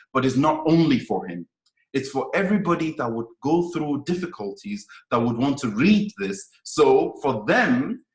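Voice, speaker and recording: A man's voice: mid-range voice, echoey room, rough recording. A man teaching Quranic Arabic in a lecture, explaining step by step and often checking in with "right?". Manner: explanatory, frequent "right?" check-ins, emphatic.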